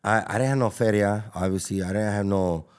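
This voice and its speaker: A man, a taco restaurant owner telling stories as a guest in a casual podcast interview, animated and full of slang. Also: fairly low pitch, fairly quick, clear, resonant tone. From Los Angeles. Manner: animated storyteller, slangy, acts out dialogue.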